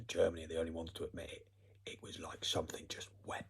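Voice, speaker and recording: A man's voice: very deep voice, completely flat delivery, quick pace, gravelly, husky. A man giving a rambling, profane monologue. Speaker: vlogger.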